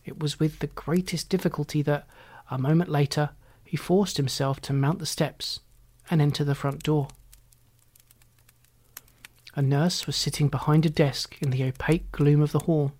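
Measured literary audiobook narrator. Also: medium pitch, steady tone, darkish tone. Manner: measured, formal storytelling.

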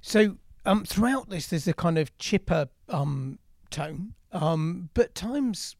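A man hosting a podcast interview, asking probing questions with lively inflection. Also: high-pitched, slow pace, creaky, dry recording, studio quality. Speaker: podcast host.

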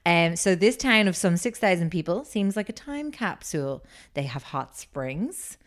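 A woman's voice: lowish voice, animated, a little slow. A woman co-hosting a podcast, telling a story in a rambling casual way with many fillers. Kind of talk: casual chat.

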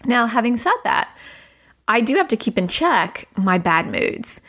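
Woman talking through parenting advice. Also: measured pace. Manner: conversational, acts out quoted dialogue with lively pitch jumps. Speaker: parenting coach. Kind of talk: advice podcast talk.

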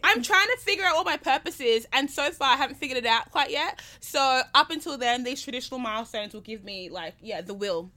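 A woman's voice: sits high, animated, a little fast, few pauses, pushed and bright. A young woman in casual conversation, speaking wryly with a joking edge and casual swearing. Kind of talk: casual chat.

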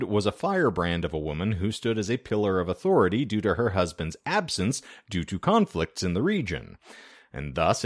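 On a casual history podcast, a male co-host with a deep voice walks through the episode's research, partly from notes, in an animated, wry, conversational style packed with fillers. He's on a remote call setup, yet the sound is clean, studio-grade, and free of room noise.

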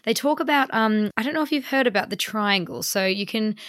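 A woman's voice: a little high, animated, fairly quick, fairly bright tone, dry recording, clean studio sound. A young woman hosting a chat show, upbeat and asking questions. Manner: upbeat, chatty, asks questions. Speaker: podcast host. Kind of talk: casual chat.

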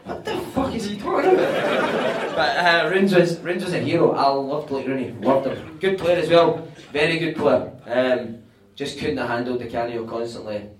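A Scottish man telling animated, sweary anecdotes on stage at a live podcast show, often laughing as he talks. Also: mid-range voice, moderate pace, some chatter behind, a little hiss or hum. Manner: animated, sweary, laughing through his stories. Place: live venue with audience. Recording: echoey room, mic at a distance.

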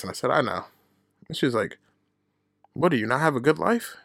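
A man's voice: medium pitch, fairly quick, fairly bright tone, dry recording, clean studio sound. A man hosting his own podcast, telling a personal story in a casual, profane, candid way, laughing at himself and acting out the people he quotes. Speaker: podcast host.

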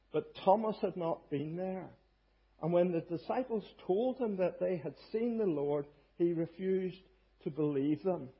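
A man delivers a sermon with a very husky, breathy voice that sits a little high for a man. He speaks earnestly and leans hard on key words, pausing now and then to find his phrasing. The recording sounds dull and lo-fi. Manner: earnest, emphatic preaching with small hesitations. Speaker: preacher.

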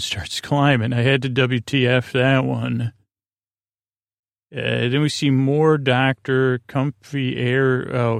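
A man hosting a bedtime podcast, recapping a TV episode in a halting, low-key way with many pauses and restarts, with a hint of an Upstate New York accent. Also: no echo, studio quality. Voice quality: gravelly, flat delivery. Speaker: podcast host.

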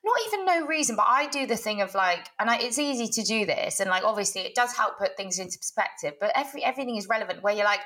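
A woman's voice: mid-range voice, expressive, quick pace, few pauses, bright, forceful tone. A young woman co-hosting a podcast, rambling in casual chat with lots of fillers and giggles. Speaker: podcast co-host.

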